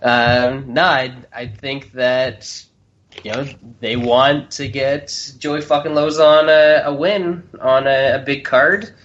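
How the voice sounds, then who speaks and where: Podcast co-host, average pitch, blunt and profane, lo-fi audio. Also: male voice, steady tone, slow, fairly bright tone. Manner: blunt, swears freely. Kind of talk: casual podcast chat.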